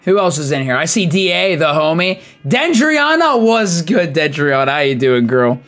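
A young man giving lively live commentary on his game, chatty and hyped, greeting viewers by name. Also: fairly high pitch, normal speed. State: out of breath. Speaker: streamer.

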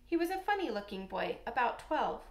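A woman reading a storybook aloud in a calm, measured way. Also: a little high. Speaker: audiobook reader. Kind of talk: scripted storybook narration. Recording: roomy echo.

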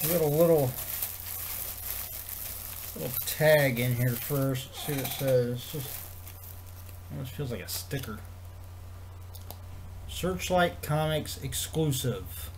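A man vlogging in a rambling casual way, swearing freely and filling pauses with ums and you-knows. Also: mid-range voice, darkish tone. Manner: rambling, profane, many fillers and restarts. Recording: faint background noise.

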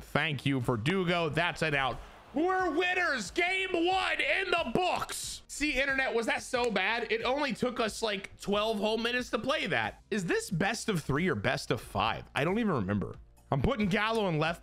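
A man giving casual gameplay commentary, excitable and crude, swinging between loud hype and low muttering. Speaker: gaming YouTuber.

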